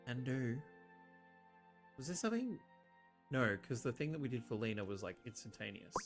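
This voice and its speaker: A streamer with a mid-range voice comments casually on a farming game playthrough at a moderate pace, with music in the background. He's animated and jokey, even talking to the game's characters.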